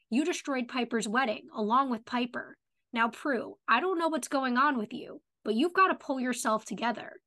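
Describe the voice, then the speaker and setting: A young adult woman co-hosting a podcast loosely recaps a TV episode, quoting characters with "she's like" as she retells scenes and dropping many "like" fillers. Her fairly high voice is bright and forceful.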